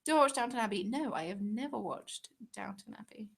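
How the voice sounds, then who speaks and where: A woman's voice: mid-range voice, lively intonation, fairly quick, vocal fry, husky. A young English woman hosting a crafting live stream, chatting casually and reading out viewer comments in a giggly, rambling way. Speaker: crafting channel host.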